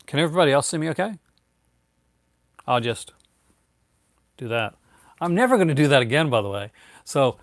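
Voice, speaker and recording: A laid-back man in his thirties chats on a live stream, rambling along with fillers, restarts and the odd "man". His voice sits at a middle pitch and sounds dry and close, with no room around it. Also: creaky, dry recording. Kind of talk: casual live-stream chat, answering viewers.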